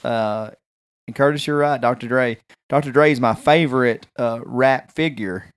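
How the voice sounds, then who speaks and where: A man's voice: medium pitch, normal speed, smooth. A man, co-hosting a podcast and chatting casually, rambling through anecdotes. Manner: rambling, animated anecdotes with acted quotes. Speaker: podcast co-host. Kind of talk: casual chat, storytelling.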